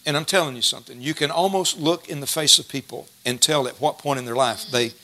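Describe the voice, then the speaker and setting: A middle-aged man preaching a sermon, folksy and storytelling, slowing down to stress scripture verses. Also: medium pitch, sharp tone.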